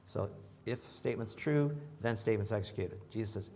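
A man preaching a sermon in a conversational way, joking with the congregation and rising in pitch and volume when he reads scripture. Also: fairly quick, a little mellow. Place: church in front of a congregation.

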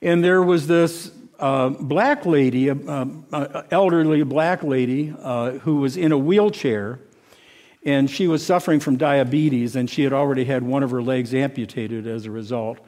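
A man giving an informal sermon through a personal story, halting and often repeating words as he restarts. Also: medium pitch, darkish tone.

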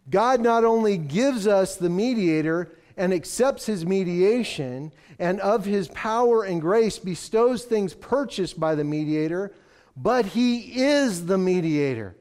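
A man preaching a sermon as pastor, swinging from loud proclamations to hushed, emphatic lines. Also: sits high, lively intonation, unhurried.

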